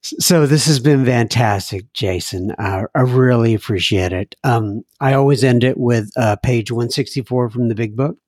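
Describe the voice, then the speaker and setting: Soft-spoken man hosting, halting delivery. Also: mid-range voice, no room sound, clean studio sound. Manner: halting, many fillers and restarts. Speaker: podcast host. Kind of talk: casual interview chat.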